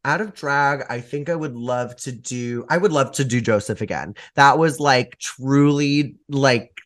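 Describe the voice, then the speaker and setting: A man guesting on a chat podcast, talking in a campy, theatrical way. His voice sits at an ordinary middle pitch while he gushes eagerly about what he loves. He drops a warm honey into his sentences like a seasoned performer. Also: unhurried. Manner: enthusiastic, gushing. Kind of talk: casual chat.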